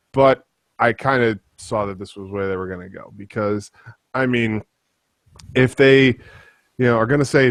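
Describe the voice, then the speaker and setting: A man ranting with passion in a casual wrestling podcast chat, sometimes pleading loudly. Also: on the low side, no echo. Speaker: podcast guest.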